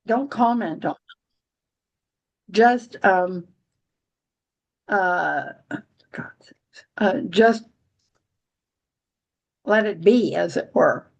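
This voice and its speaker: A woman's voice: medium pitch, very slow, gravelly, pauses often, darkish tone, dull audio. A woman hosting a casual astrology chat, rambling with many restarts and dry, giggly humor. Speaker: astrology podcast host.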